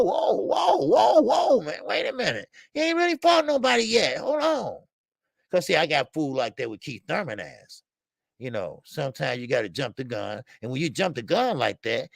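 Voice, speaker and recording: A man with a fairly high, gravelly voice hosts a live boxing talk show, greeting chat viewers by name. He's animated and emphatic, loaded with street slang and filler words. The recording is dry and studio quality.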